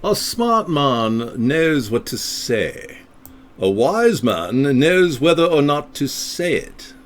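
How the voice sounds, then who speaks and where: Man doing a pompous English gentleman. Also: a little high, sing-song, voice pushed up. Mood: lofty. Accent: English, put on. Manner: slow, lofty recital. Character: prim, pompous English gentleman reciting sayings.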